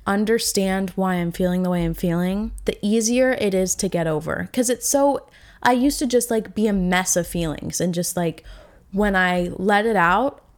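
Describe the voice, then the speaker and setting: A woman in her twenties hosting a solo podcast, talking in a candid, rambling, emotional way, full of fillers and restarts. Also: medium pitch. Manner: emotional and reflective. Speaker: podcast host. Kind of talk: casual solo podcast monologue.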